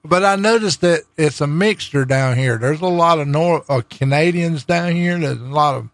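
A man with a Southern US accent hosts a casual radio interview as a DJ, chatty and easygoing. His voice sits a little high for a man and sounds dry and close. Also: normal speed, no echo. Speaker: radio DJ host.

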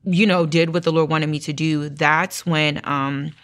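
A woman's voice: low-pitched, steady tone, a little slow. Earnest woman telling a personal testimony. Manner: earnest, emotional storytelling with acted-out inner dialogue. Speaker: guest.

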